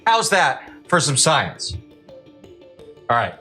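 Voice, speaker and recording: A man's voice: fairly high pitch, sing-song, takes it slowly, pushed and bright, faint music behind. A man hosting a reaction commentary, speaking in a heated, indignant and blunt way. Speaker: commentary channel host.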